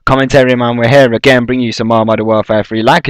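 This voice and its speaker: A man's voice: mid-range voice, steady tone, fast talker, hardly any pauses, clean tone, dry recording. A young man giving casual, rambling gameplay commentary, swearing freely and leaning on fillers. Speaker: gaming YouTuber.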